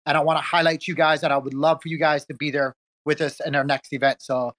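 A man's voice: a little high, little pitch movement, fast talker, fairly bright tone. A man, a community event organizer, talking in a hyped, friendly, repetitive way in a casual group audio chat.

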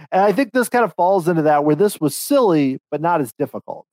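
A man co-hosting a podcast, chatting casually in an animated, rambling way with frequent restarts. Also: fairly high pitch, brisk, no room sound, poor audio. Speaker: podcast co-host. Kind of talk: casual chat.

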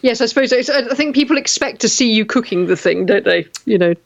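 A woman's voice: a little high, animated, fairly quick, creaky. A woman from England co-hosting a casual radio chat, teasing and chatty. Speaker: radio show co-host. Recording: dull lo-fi sound.

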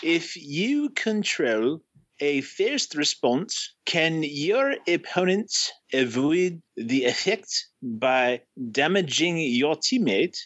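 A man voicing a Scandinavian letter writer in a Swedish accent, reading slowly in a drawn-out sing-song. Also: a little high, big pitch swings, fairly bright tone, dry recording, pitched above the performer's own voice, heavily acted. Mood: cheery. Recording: slightly muffled dry audio.

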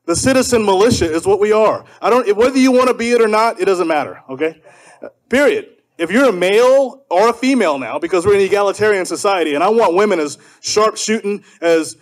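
A man from South Carolina speaking fervently at a political gathering in a preacher's style, leading the crowd in call and response. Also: sits high. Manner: fervent, leads call and response, shouting refrains. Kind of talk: preacher-like speech to a live audience.

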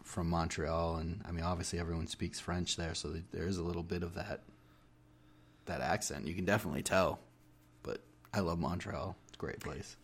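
A man with a notably low voice co-hosting a casual podcast. He speaks in a relaxed, easygoing way and often lets his sentences trail off. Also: a little fast, husky. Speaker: podcast co-host. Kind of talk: casual chat.

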